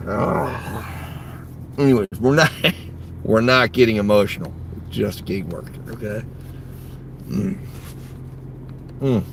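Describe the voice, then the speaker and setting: A man who drives for a delivery app, talking casually to viewers from his car, swearing freely and swinging between muttered grumbling and loud outbursts. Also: fairly low pitch, slow pace, vocal fry, long pauses, a little hiss or hum. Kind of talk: casual vlog while driving.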